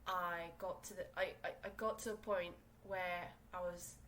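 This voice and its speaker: A woman's voice: lowish voice, steady tone, normal speed, fairly bright tone, a little hiss or hum, low-quality recording. A young woman from South Korea who speaks English as a second language, hosting a casual solo podcast from her small room and rambling with lots of fillers and restarts. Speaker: podcast host.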